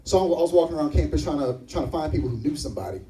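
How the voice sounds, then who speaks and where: A young man performs a stand-up set at a live comedy venue, telling stories and acting out the other people in them. His voice is on the high side and racing, captured from a distance on a low-quality recording with slight background noise.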